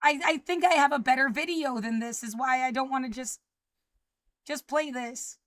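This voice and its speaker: A high-pitched woman in an upset, frightened state, ranting with constant swearing. She drops to low mutters and then bursts out loud. The sound is dry and close. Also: moderate pace, no echo. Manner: swearing, shifting between muttering and shouting. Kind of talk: agitated personal video rant.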